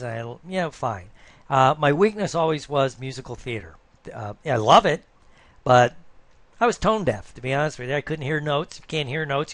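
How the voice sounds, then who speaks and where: Middle-aged man, coach, rambling casual monologue, voice a bit higher than most, dry close sound. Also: fairly bright tone, no echo. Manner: rambling, peppers talk with "right?".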